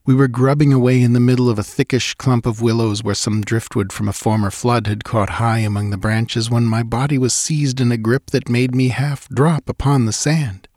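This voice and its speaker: A man narrating a ghost story with measured, dramatic storytelling. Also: medium pitch, steady tone, a little mellow, dry recording, studio quality. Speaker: audiobook narrator.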